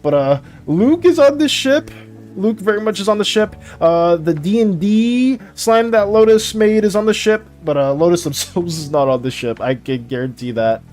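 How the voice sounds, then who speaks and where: A fairly high-voiced man chats loosely with his stream while drawing, his pitch swinging all over as he laughs and repeats himself. Soft music plays faintly underneath. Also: lively intonation, normal speed. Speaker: art streamer. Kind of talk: casual livestream chat while drawing.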